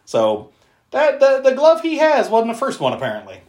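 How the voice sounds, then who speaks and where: Chatty man recapping a movie, lively. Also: very high voice, normal speed. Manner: chatty, laughs a lot, swears, many fillers. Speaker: podcast host. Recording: roomy echo.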